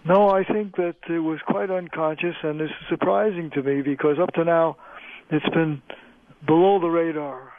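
A male linguist, a guest on a radio interview, explaining in a measured way with frequent pauses over the phone. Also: a little high, fairly even intonation, dry recording. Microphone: telephone. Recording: tinny phone line, dry.

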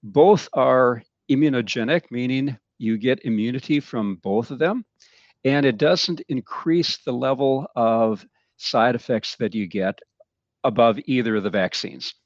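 A man's voice: mid-range voice, a little slow, dry recording, lo-fi sound. A man, a physician, answering radio interview questions in a careful, explanatory way with hesitant fillers. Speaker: physician guest.

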